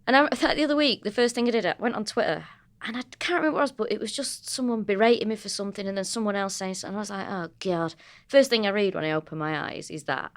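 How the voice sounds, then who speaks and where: A comedian woman with a Manchester accent, co-hosting a podcast and telling lively, sweary stories in casual chat. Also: mid-range voice, fast talker. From North of England. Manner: sweary, animated storytelling.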